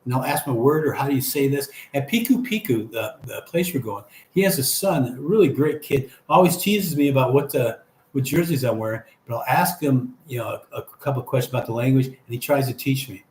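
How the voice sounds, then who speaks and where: An older man hosts a live stream, chatting casually and reading viewer comments aloud before he answers them. His voice is medium in pitch, darkish in tone and fairly quick, with lively intonation. The room is echoey, with a faint hum in the background.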